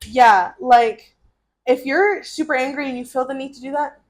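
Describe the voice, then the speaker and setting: A woman's voice: high voice, normal speed. Agreeable young woman co-host. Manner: supportive, chiming in with short agreements. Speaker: podcast co-host. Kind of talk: casual chat.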